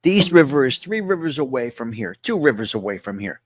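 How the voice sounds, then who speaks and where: A man's voice: medium pitch, big pitch swings, brisk, dry recording, studio quality. A man hosting a casual live-stream chat, talking to viewers and repeating his points with emphasis. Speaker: host.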